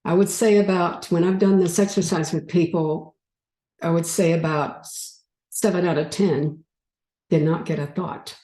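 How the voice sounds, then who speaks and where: A woman giving a spiritual talk and leading her audience through a guided exercise, gently coaxing and unhurried. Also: lowish voice, fairly even intonation, reverberant, rough recording. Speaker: speaker leading a group exercise.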